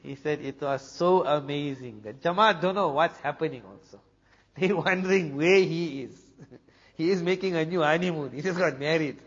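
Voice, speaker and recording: A man from South Africa, a preacher telling a story in an animated way, dropping to a hush for the dramatic moments. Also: a little high, normal speed, husky. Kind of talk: storytelling talk. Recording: dull lo-fi recording with long hall reverb.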